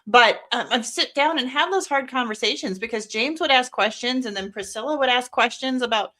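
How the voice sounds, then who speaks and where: A woman's voice: a little high, fairly quick, bright, forceful tone. A woman co-hosting a podcast, chiming in to agree and laughing often as she talks. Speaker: podcast co-host. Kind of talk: casual podcast interview.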